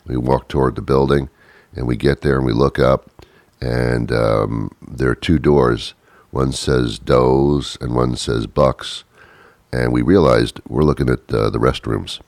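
A man with an extremely deep, gravelly voice rambles through a comic story, stopping and restarting with plenty of "uh"s. His delivery is wry and hesitant, and the sound is dry and close. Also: no room sound. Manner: wry, hesitant, full of filler words.

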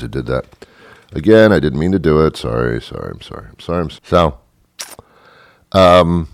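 Deep-voiced guy rambling through a comic monologue, apologizing a lot, very dry recording. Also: dry recording. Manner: self-deprecating, meandering, apologetic asides. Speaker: show host.

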